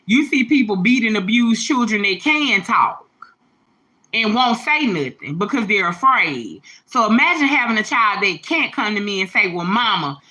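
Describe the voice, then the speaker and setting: Here her pitch runs fairly high, and her tone is bright and forceful as she speaks to her livestream audience. The mother is slangy, emphatic and sincere, sounding a little teary throughout.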